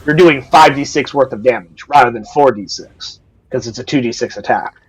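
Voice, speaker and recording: A man's voice: mid-range voice, a little fast, slightly rough, rough recording. A man narrating as game master in a casual, profane way, explaining rules as he goes.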